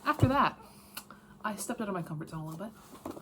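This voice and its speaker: A woman with a medium-pitched, expressive voice and a slightly quick pace runs through a casual reading wrap-up as a book vlogger. Frank and rambling, she leans on fillers and self-corrections; the recording has a touch of hiss or hum.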